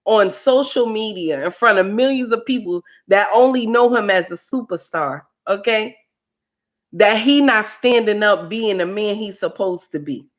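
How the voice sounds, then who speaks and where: Slow, preachy woman on a livestream. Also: medium pitch. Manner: preachy, repeats lines for emphasis. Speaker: livestream host. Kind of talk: casual commentary livestream.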